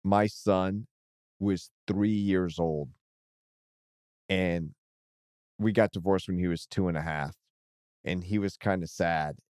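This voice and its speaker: A man's voice: low voice, fairly even intonation, slow pace, long pauses, darkish tone, clear, resonant tone, dry recording. Man telling a personal story, dry close sound. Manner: storytelling, acts out quoted dialogue, laughs often. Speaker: co-host. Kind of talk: casual chat, personal story.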